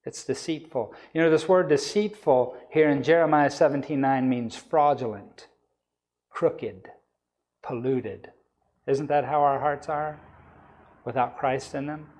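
A man's voice: fairly high pitch, a little mellow. A man preaching a sermon in a church hall, reading scripture aloud and explaining it earnestly, rising to emphatic peaks on key words.

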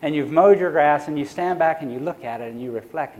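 A man preaching a sermon in a voice a touch higher than most men's. He stretches key phrases slowly and rushes asides. He sinks to near-whispers when he voices a quiet reflection. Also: a little hiss or hum. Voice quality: sighs for emphasis. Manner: varies pace and loudness, slows on key phrases, drops soft for quoted reflections.

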